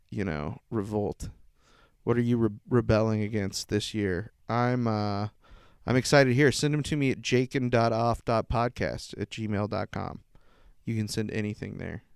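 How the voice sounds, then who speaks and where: A man's voice: on the low side, creaky, clear, resonant tone, no room sound, studio quality. A young man hosting his own podcast, rambling casually through stories, laughing at himself and swearing. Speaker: podcast host. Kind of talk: rambling solo podcast monologue.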